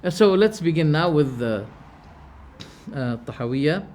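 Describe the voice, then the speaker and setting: A man lecturing a class on religious belief. His voice sits a little high for a man, and he speaks emphatically. He poses rhetorical questions, stumbles into restarts and restates each term. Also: lively intonation, unhurried, a little mellow. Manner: explains terms by restating them. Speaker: religious teacher.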